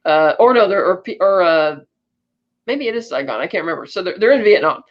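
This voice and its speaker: A woman's voice: on the low side, expressive, brisk, muffled recording. A woman co-hosting a podcast, casually recapping a film's plot with lots of fillers and restarts. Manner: chatty, with frequent fillers and restarts. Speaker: podcast co-host.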